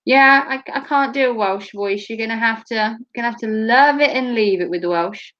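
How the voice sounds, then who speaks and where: A woman's voice: on the high side, moderate pace. A woman from Norfolk with a Norfolk English accent, hosting a casual chat in a blunt, joking way and laughing often. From Norfolk, England. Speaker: host. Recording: muffled lo-fi recording.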